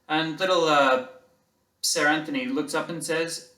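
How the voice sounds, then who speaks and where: A male lecturer talks to a class in a slightly high, conversational voice, halting now and then. The hall is roomy and echoey. He is recorded from a distance. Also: steady tone, pushed and bright. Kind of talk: university lecture.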